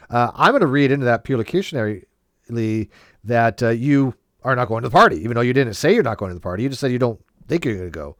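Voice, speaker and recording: Casual man explaining logic, mid pitch, dry close sound, stops and restarts a lot. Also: lively intonation, quick pace, fairly bright tone, dry recording. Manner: explains at length with frequent restarts and "right?" checks. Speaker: debate host. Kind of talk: casual discussion.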